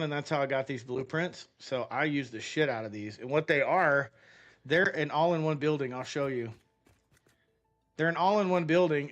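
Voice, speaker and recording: A man's voice: on the high side, fairly bright tone. A man giving casual gameplay commentary, rambling and swearing freely as he talks himself through what to build next. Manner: rambling, profane, talks to himself while playing. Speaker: gaming streamer.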